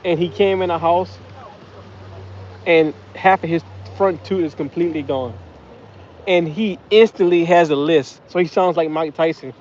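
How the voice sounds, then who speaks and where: His voice is a little high with a darkish tone, and he speaks at a moderate pace. He's a man live-streaming from a small fishing boat, rambling casually through stories and often stopping to correct himself. There's slight background noise, and the sound is muffled.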